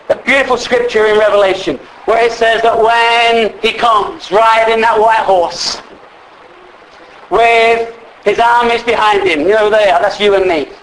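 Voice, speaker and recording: A man's voice: high voice, fairly bright tone, a little hiss or hum, rough recording. A man preaching in a church, telling a story in a conversational way, repeating words and asking the listeners questions. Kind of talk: storytelling sermon.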